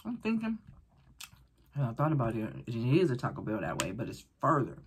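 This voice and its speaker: A woman vlogger casually telling a story while eating, animated and rambling, acting out the voices of people she quotes. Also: rumbling low, fairly quick, slight background noise. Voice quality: very breathy, husky.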